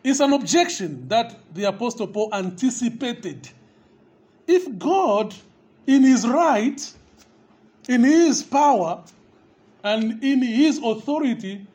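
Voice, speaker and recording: Emphatic high-voiced male preacher. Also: a little mellow. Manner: emphatic, rising on questions and repeated phrases; addresses listeners as dear friend. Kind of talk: sermon.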